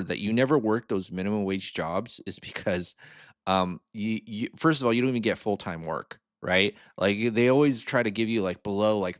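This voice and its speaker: A man with a low voice talks through a video he is reacting to. His delivery is loose and conversational, and he often tags his points with a quick "right?". The sound is dry and close. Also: no room sound. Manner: chatty, asks "right?" often, frank opinions. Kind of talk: casual commentary on a video.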